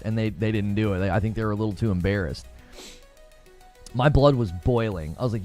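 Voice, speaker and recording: Male host, lively storyteller, wide pitch swings, light music bed. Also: fairly quick. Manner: animated storyteller, acts out quotes. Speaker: podcast host and youth soccer coach. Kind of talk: casual chat.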